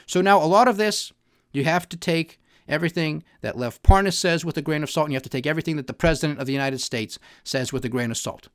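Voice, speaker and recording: An emphatic man hosting a political commentary podcast, often checking in with his listener. His voice sits a bit high for a man, and the sound is dry and close to the mic. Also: fast, no echo. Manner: emphatic, repeats "All right?" to the listener. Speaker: podcast host.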